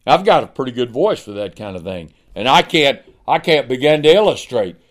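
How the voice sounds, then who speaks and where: A man's voice: medium pitch, sing-song, fairly quick. A man preaching a sermon. He asks the congregation pointed questions and acts out the figures of scripture. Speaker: pastor.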